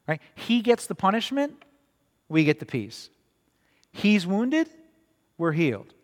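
In a hall with long reverb, a preacher tells stories through his sermon, talking conversationally, repeating words and asking "right?" often. His voice is on the high side with wildly swooping pitch, a little slow, with frequent pauses.

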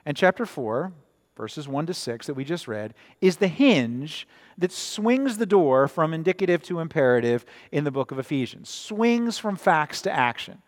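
A man's voice: fairly high pitch, very animated, normal speed. A man preaching a sermon in a church, conversational and often tossing in "right?" to the congregation. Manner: conversational, frequent "right?" asides. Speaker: pastor. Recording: reverberant church sanctuary.

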